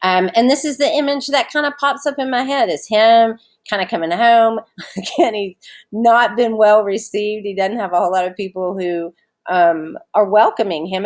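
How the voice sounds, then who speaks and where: A woman's voice: mid-range voice, normal speed. A woman teacher giving a recorded online lesson from home, explaining a short story in a casual, chatty way with fillers.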